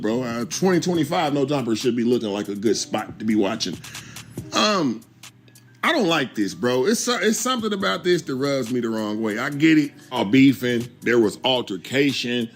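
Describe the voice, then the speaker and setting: A man's voice: medium pitch, animated, brisk. A man hosting a casual reaction commentary video, talking loosely and peppering lines with 'bro' and 'you understand me.'. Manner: conversational, repeats 'bro' and 'you understand me'. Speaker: YouTube commentary host.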